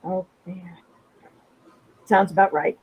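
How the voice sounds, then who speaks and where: A woman's voice: lowish voice, steady tone, takes it slowly, darkish tone, slight background noise, low-quality recording. A woman playing a tabletop game, speaking in a polite, hesitant way. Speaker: player. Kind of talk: casual chat at a game table.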